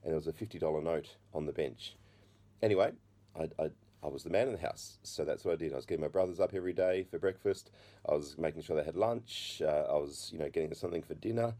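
Low-voiced man telling his life story. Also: mellow. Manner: halting, many restarts and fillers. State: has a slight cough. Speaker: speaker giving his testimony. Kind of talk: personal testimony talk.

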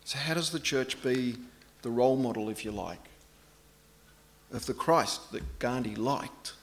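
A middle-aged man preaching a sermon in a relaxed, anecdotal way, poking fun at himself. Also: mid-range voice, measured pace. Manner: conversational, anecdotal, self-deprecating.

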